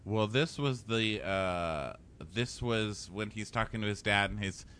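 Sarcastic man with a bright voice. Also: fairly low pitch, a little slow, clean tone. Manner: sarcastic, acts out quotes in mock voices. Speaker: podcast co-host. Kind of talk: casual chat recapping a reality show.

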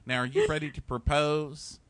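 A man's voice: a little high, steady tone, normal speed, fairly bright tone, no room sound, voice pushed up, close to an everyday voice. A man voicing a theatrical middle-aged mother who is blunt and bossy.

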